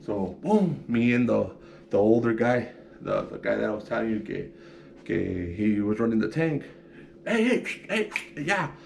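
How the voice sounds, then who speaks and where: A man's voice: fairly low pitch, normal speed, creaky, dark tone, a little hiss or hum. A young man telling a prison story casually, acting out punches sound effects and swearing freely.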